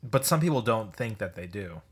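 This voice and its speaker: A man co-hosting a casual podcast chat, low-key with short replies. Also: expressive, fairly quick, husky. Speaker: podcast co-host.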